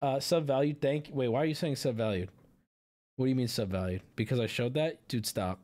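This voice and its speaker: A man in his thirties, hosting a casual live stream, reacting loudly and swinging from mumbling to shouting. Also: mid-range voice, a little fast.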